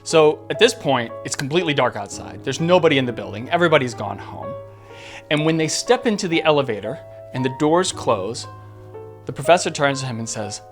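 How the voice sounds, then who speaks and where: A man hosting a podcast, telling a story in an earnest way with suspenseful pauses. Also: medium pitch, lively intonation. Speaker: podcast host. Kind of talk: storytelling narration. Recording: faint guitar music behind. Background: soft guitar music.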